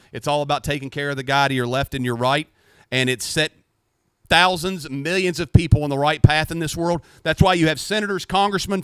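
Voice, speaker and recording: A middle-aged man, a retired Marine, co-hosting a casual podcast chat with profane, animated storytelling. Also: a little high, clear, resonant tone, no echo. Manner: profane, animated, acts out shouting.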